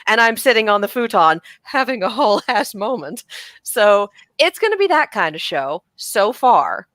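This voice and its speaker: An American woman co-hosting a podcast in casual chat, animated and quick to act out quotes. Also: medium pitch, no echo. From United States. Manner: animated, acts out quotes with laughs. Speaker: podcast co-host.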